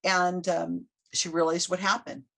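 A husky, breathy woman from the United States, in her middle years, telling a story as a podcast guest. She talks in a loose, chatty way. She keeps jumping into the voices of the people she quotes. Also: lowish voice, level tone, measured pace, fairly bright tone. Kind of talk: casual podcast interview.

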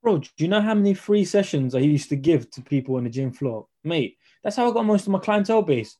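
Young trainer guest, rapid and mellow, casual chat full of slang. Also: male voice, on the high side, lively intonation. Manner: slangy, storytelling, acts out dialogue. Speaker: podcast guest, personal trainer.

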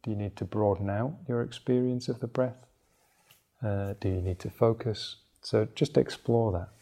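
A man teaching a meditation class, explaining the practice in a relaxed way that sounds like he is thinking aloud. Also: lowish voice, moderate pace.

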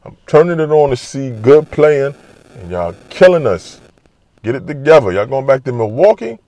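Animated trash-talking New man. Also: mid-range voice, normal speed, no echo, dull audio. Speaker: basketball commentator. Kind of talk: casual sports talk monologue.

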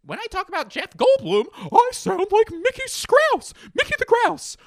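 A man voicing a silly, prancing cartoon male hen in a squeaky, very high falsetto with a sing-song delivery. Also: big pitch swings, moderate pace, no echo, studio quality, full character voice. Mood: goofy.

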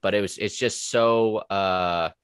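Deep-voiced man rambling casually. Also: steady tone, slow, smooth, no echo, studio quality. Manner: rambling, profane, with many fillers and restarts. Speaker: podcast guest, former corrections officer. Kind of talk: casual conversational podcast.

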